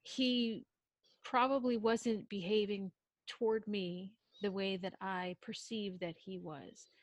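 A woman's voice: mid-range voice, slow pace, no echo. A woman telling a personal story in casual chat, acting out quoted lines and often breaking off and restarting. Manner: animated, acts out quotes, self-interrupting.

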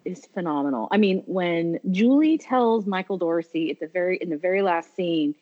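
A woman's voice: fairly low pitch, animated, moderate pace, muffled recording. A woman chatting casually and enthusiastically about a favorite film, with frequent restarts.

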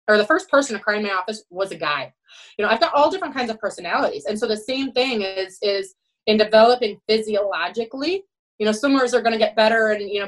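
A woman's voice: medium pitch, a bit bright, rough recording. A middle-aged woman who coaches college swimming tells candid, emphatic stories in a podcast interview and leans on "you know" and "right?". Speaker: college swim head coach.

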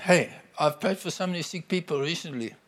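A man's voice: a little high, fairly quick, a bit bright. A man preaching a conversational sermon, declaring scripture with emphasis.

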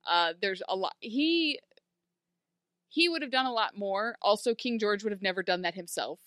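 A woman in casual chat, recapping a TV episode with sarcastic, animated commentary and plenty of filler words. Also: medium pitch, moderate pace, dry recording, clean studio sound. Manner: animated, sarcastic, lots of "like" fillers, acts out quotes. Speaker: podcast co-host recapping a TV episode.

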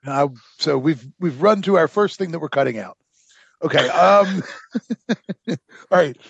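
High, gravelly-voiced man rambling through history. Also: animated, measured pace, no room sound, highs cut off. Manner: rambling, sarcastic asides, many fillers. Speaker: podcast host. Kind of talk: casual history podcast narration.

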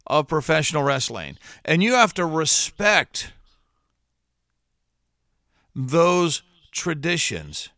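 A middle-aged man hosting a solo podcast in a trained broadcaster's voice, speaking earnestly and with long dramatic pauses. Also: on the high side, pushed and bright, no room sound, clean studio sound. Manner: slow deliberate delivery with dramatic pauses; earnest, heartfelt. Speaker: podcast host.

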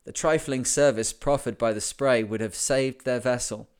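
A man hosting a podcast, reading an old sea memoir aloud in a measured, deliberate way. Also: mid-range voice, fairly even intonation, smooth. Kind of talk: audiobook narration of a memoir.

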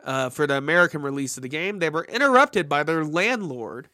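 A man co-hosting a casual podcast, joking around and reading out fun facts in quick bursts. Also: a little high, animated, pushed and bright, no echo, studio quality. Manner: jokey, reads facts quickly. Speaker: podcast co-host.

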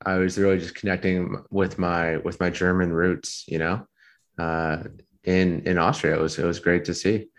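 Deep-voiced man rambling casually. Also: normal speed. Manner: rambling, deadpan storytelling with many fillers. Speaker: podcast co-host. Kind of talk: casual chat.

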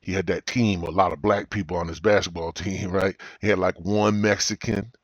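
A man's voice: sits low, steady tone, moderate pace, husky, no echo, highs cut off. A middle-aged man hosting a podcast, ranting in a profane, joking way and slipping into mocking voices. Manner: swears constantly, slips into mocking voices. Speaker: podcast host. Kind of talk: profane comedic rant.

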